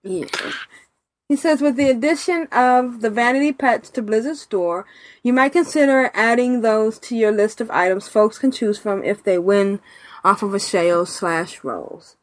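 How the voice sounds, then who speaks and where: A woman's voice: a little high, normal speed, dry recording. A woman co-hosting a casual gaming podcast, chatting, laughing often and reading out listener emails. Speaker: podcast co-host. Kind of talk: casual chat.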